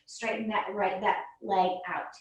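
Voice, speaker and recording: Breathy woman leading yoga from afar. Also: medium pitch, flat delivery, unhurried. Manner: encouraging cues, frequent "good". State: a little out of breath. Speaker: yoga instructor. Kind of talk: guided yoga class instruction. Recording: echoey room, voice from far off.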